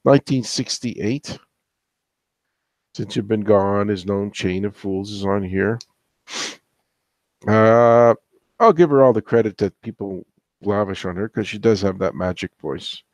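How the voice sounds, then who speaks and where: A man's voice: fairly low pitch, unhurried, long pauses, no echo. Rambling, opinionated man on a dry mic. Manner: rambling, opinionated, gossipy asides. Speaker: music show host. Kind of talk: casual album countdown commentary.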